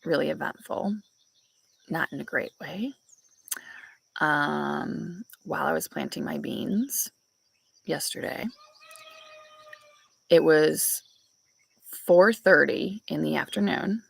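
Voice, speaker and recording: A woman's voice: low voice, slow pace, vocal fry, long pauses, husky. A young woman, chatting casually with viewers and telling a story, laughing often, recorded on a back porch. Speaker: vlogger. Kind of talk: casual chat with live viewers.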